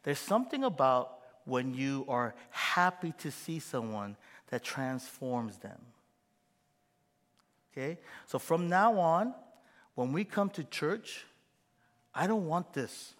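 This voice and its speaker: A middle-aged man preaching a sermon as pastor, animated and acting out quoted voices with gasps. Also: mid-range voice, takes it slowly, big-room sound.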